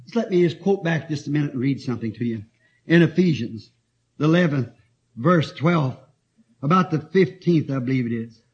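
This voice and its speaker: A man's voice: a little high, expressive, normal speed. A man preaching a sermon, reading scripture and telling stories in an emphatic way, often laughing. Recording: dull lo-fi old tape.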